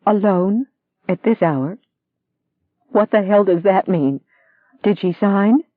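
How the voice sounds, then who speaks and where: A reader voicing a young woman lawyer, heated and pleading, in a higher-pitched voice. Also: slow pace, no room sound. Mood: hysterical. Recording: dry tinny phone-like sound.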